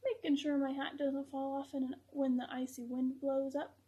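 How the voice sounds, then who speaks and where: A woman's voice: high voice, level tone, moderate pace, mellow, lightly acted. A woman doing a touchy little hedgehog. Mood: defensive.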